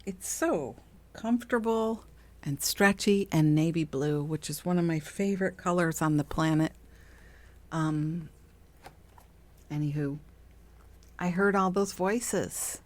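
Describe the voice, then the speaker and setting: With a fairly low pitch, a slow pace and frequent pauses, a middle-aged woman hosts a podcast about spiritual self-help. She keeps it casual and chatty, laughing often and acting out quoted voices.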